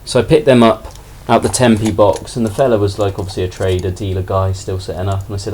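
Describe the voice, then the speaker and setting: A man with a fairly low voice rambles casually through a haul of collectible toys. He sounds relaxed and self-deprecating, and faint background hiss sits under his voice. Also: fast, hardly any pauses. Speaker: toy collector vlogger. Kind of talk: casual haul video chat.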